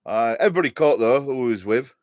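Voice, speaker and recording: A man's voice: medium pitch, lively intonation, fast talker, a little mellow, no echo. A middle-aged man with a Hull, East Yorkshire accent, chatting casually on a live stream, answering viewer comments in a jokey, rambling way and laughing often.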